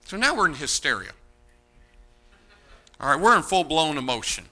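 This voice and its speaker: Man, preacher, sermon, animated and mocking, slightly high pitch, very bright tone. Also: moderate pace, faint music behind. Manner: animated, mocking, swings from loud to hushed. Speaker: pastor.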